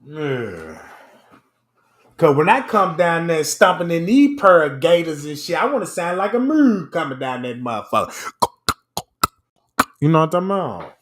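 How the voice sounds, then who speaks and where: A man's voice: fairly high pitch, sing-song, moderate pace, pauses often, a bit bright, slight background noise. A man hosting a casual chat, telling comedic stories in slangy speech and checking in with his listeners. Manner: slangy, keeps asking "you know what I'm talking about". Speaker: host of an open chat stream.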